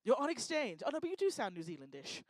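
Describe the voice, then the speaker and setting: This event host's fairly high voice swings hugely in pitch as she talks fast, teasing and joking with the audience in stand-up style crowd work. She's on a lecture hall stage, and the recording is dry.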